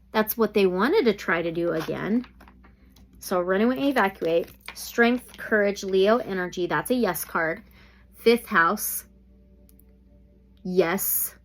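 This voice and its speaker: A woman doing a tarot reading, thinking aloud and often exclaiming. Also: medium pitch. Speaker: tarot reader.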